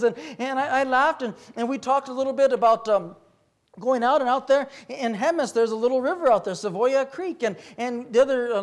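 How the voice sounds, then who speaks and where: High-voiced preacher. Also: male voice. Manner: folksy, repeats words, asks "amen?". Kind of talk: sermon.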